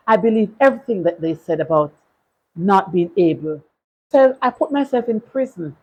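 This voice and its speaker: A Jamaican woman in her sixties giving an inspirational speech, slow and deliberate, building to forceful declarations. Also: mid-range voice, husky, rough recording. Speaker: motivational speaker.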